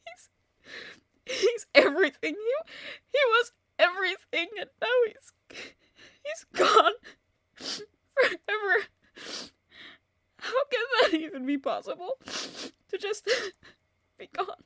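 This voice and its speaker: A woman's voice: very high-pitched, animated, sharp tone, no room sound, studio quality, exaggerated voice. A woman playing a tearful, stammering young woman in grief. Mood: grief-stricken. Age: young adult. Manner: halting, stammering restarts. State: tearful, voice breaking. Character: grieving young woman, distraught, bent on revenge. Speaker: voice actor. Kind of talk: audio drama monologue.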